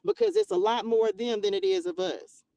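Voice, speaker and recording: A woman hosting a livestream, preaching in an emphatic, animated way, laughing often and firing off rhetorical questions. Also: medium pitch, a little fast. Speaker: livestream host. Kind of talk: passionate preaching rant on a livestream.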